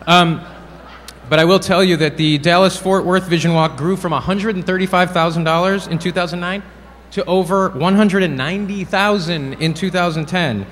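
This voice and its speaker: A man's voice: high voice, a bit bright. A man presenting awards at a dinner, playful and wisecracking between announcements. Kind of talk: joking awards emcee. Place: large banquet hall. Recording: reverberant hall, crowd and noise behind.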